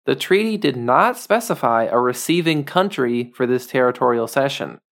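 A man's voice: medium pitch, expressive, moderate pace, gravelly, a bit bright. A man voicing an earnest male activist reading a legal manifesto aloud in a put-on Taiwanese accent, with formal, recited phrasing.

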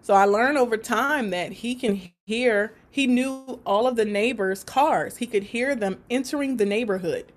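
A woman guest telling a story about her work in an interview, animated and laughing often. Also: a little high, normal speed, few pauses. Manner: animated, laughs often, acts out quoted voices. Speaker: support worker for people with autism.

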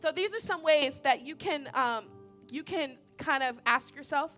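Bright high-voiced woman preaching. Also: moderate pace, soft background music. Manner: animated, conversational, repeats points, asks audience questions. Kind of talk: sermon.

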